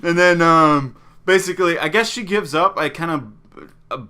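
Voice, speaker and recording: A young man co-hosting a casual podcast, retelling a story in a rambling, profane way, laughing as he goes and giving the characters quick voices. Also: fairly high pitch, pushed and bright. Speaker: podcast co-host.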